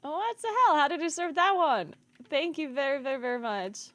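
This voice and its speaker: Woman streamer, casual chat with viewers, quick to laugh; high voice, dead-dry close mic. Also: expressive, dry recording. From Italy. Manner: laughs often, reacts to chat. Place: home streaming setup.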